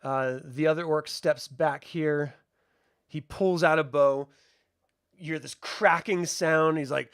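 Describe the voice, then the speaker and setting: A man narrates a tabletop game as game master, casual and chatty. His voice sits fairly high with a bright, edgy tone and a gravelly texture. The sound is dry and close. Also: fairly even intonation, takes it slowly, no echo.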